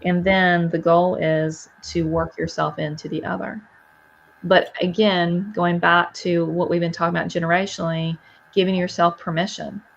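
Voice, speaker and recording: A woman's voice: lowish voice, little pitch movement, moderate pace, vocal fry, highs cut off, a little hiss or hum. A woman co-hosting a podcast, talking in a reflective, encouraging way. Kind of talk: casual conversational interview.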